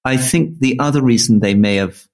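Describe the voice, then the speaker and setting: A middle-aged man co-hosting a political podcast, reasoning through ideas in a measured, analytical way. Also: mid-range voice. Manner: measured, analytical, thinking aloud. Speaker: podcast co-host. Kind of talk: casual political chat.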